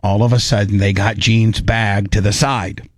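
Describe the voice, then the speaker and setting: A man's voice: lowish voice, moderate pace, dry recording. A man telling a rambling, comic story in a casual chat. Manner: rambling, animated, restarts often.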